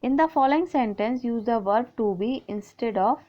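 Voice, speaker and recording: A woman's voice: fairly high pitch, moderate pace, dull audio. A woman teacher with an Indian English accent, patiently working through grammar exercises from a school book, reading out sentences and repeating the answers. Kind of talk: explaining textbook grammar exercises.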